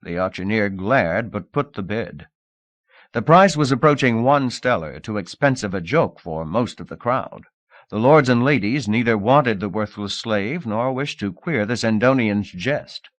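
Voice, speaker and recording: Low-voiced guy reading an audiobook, slow and lively, dry sound. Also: no room sound. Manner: measured, expressive reading. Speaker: audiobook narrator. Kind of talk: scripted narration.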